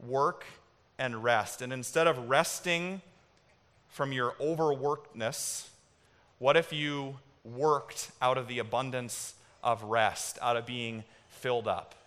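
A man's voice: medium pitch, steady tone, slow. A man in his thirties preaching a sermon as a pastor, conversational at first and rising to impassioned exhortation, in a church sanctuary. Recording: reverberant hall with soft music.

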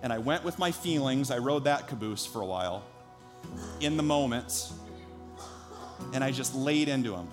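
A man's voice: mid-range voice, lively intonation, normal speed, long pauses, over music. A man in his thirties, a pastor preaching a sermon, telling a personal story earnestly before building to emphatic preaching.

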